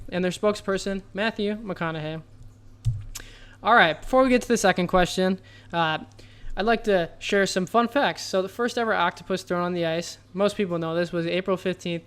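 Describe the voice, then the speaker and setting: A man hosting a comedic trivia segment, delivering absurd jokes as if they were straight facts in a deadpan, mock-serious way. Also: high-pitched, clear, resonant tone. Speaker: trivia host.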